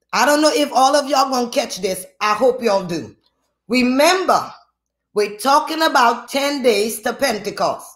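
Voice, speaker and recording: A man's voice: extremely high pitch, a bit bright. A man preaching a sermon, working the crowd with call-and-response and repeated phrases. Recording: echoey room.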